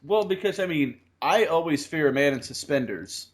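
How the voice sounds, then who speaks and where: A man's voice: on the high side, animated, normal speed. A man co-hosting a podcast in casual chat, with dry, sarcastic humor and casual swearing. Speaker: podcast co-host.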